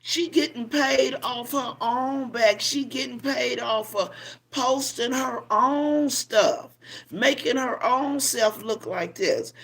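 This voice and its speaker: An older woman with a raised, gravelly voice speaks slowly on a casual livestream. She scolds and preaches at her viewers, stretching words out for emphasis. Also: a little high. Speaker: livestream host.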